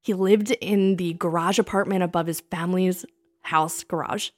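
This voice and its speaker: A woman telling funny stories about old dates in a casual chat, laughing often and acting out what she said back then in a higher voice. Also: moderate pace. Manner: animated, laughing, quotes herself in a higher voice. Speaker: podcast co-host.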